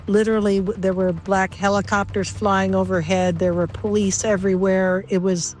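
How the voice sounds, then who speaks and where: A woman's voice: mid-range voice, little pitch movement, normal speed, soft background music. An older woman, a former lab researcher, recalling her years with chimps in an earnest, emotional documentary interview.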